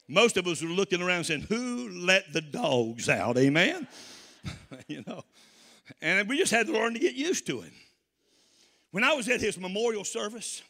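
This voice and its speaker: A Southern-accented man delivers a sermon in a high, ringing voice. He calls to the congregation for amens and climbs into shouted praise. The sound carries a long church-hall reverb. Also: sing-song, normal speed, vocal fry, long pauses. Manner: call-and-response preaching, rising to shouts. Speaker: preacher.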